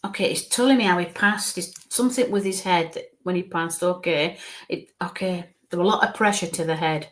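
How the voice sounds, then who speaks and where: A woman working as a psychic medium, giving a live reading in a halting way and breaking off to murmur coaxing asides under her breath. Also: lowish voice. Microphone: live stream mic.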